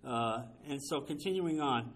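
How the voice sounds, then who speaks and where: A man's voice: medium pitch, animated, a little slow. A man teaching a Bible study, emphatic, often checking with his listeners through rhetorical questions.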